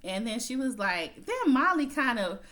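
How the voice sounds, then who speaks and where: A woman's voice: on the high side, very animated, normal speed, fairly bright tone. A woman casually recapping a TV episode in a chatty, slangy way, often laughing as she tells it. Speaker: TV recap vlogger.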